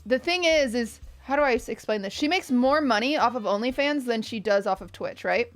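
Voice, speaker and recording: Young woman streamer, casual live reaction commentary, slightly high voice, faint music under it. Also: a little fast. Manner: chatty, rambling with restarts and asides to chat.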